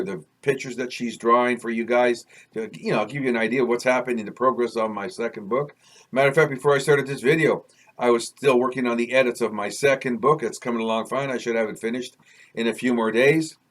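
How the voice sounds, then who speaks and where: A Canadian man reads his own novel in a relaxed, conversational way, drifting into side remarks. He often corrects himself mid-sentence. His voice sits in an ordinary middle pitch. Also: brisk. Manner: casual, digressive, restarts mid-sentence. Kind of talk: chatty book reading with asides.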